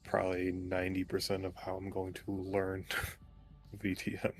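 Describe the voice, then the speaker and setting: A man's voice: low-pitched, completely flat delivery, normal speed, soft background music. A man chatting casually as a player, making short dry remarks. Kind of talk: casual chat.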